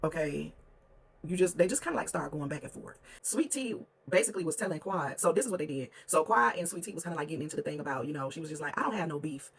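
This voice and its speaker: A host chatting through a reality TV reunion recap, gossipy and animated, quoting cast members in quick asides. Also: medium pitch, creaky, slight background noise.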